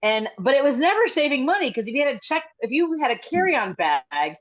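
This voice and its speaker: A middle-aged woman comedian telling stories in a rambling, chatty way with quick asides, over a video call. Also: sits high, big pitch swings. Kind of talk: casual comedic storytelling. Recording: slightly dull video-call audio.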